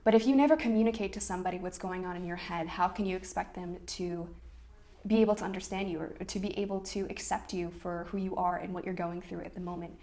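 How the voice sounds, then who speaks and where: A woman's voice: on the low side, steady tone, fast talker, warm tone. A young adult woman, a coach, talking candidly to camera about loss and telling a personal story with quoted dialogue. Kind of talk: casual talk to camera.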